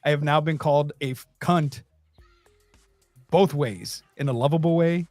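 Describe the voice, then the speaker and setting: A man hosting a podcast, telling a story in a loose, profane, animated way. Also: fairly high pitch, moderate pace, no room sound, faint music behind. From Texas. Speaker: podcast host. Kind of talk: casual storytelling chat.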